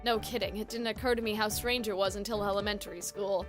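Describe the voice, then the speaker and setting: A woman reading the part of a wry young man, dropping her voice a little lower and flatter. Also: fast talker, music in the background, natural voice. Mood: dry.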